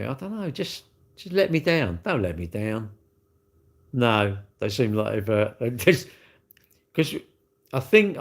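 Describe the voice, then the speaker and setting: A man talks casually to his live viewers at a middle pitch. He rambles, circles back over the same points and speaks bluntly. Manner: rambling, repetitive, blunt, chatty. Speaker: livestream host.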